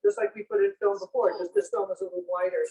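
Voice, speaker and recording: A man's voice: high voice, big pitch swings, fast talker, gravelly, dark tone, distant mic, poor audio. A man giving a playful, jokey show-and-tell presentation on old inventions to an audience. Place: senior center room.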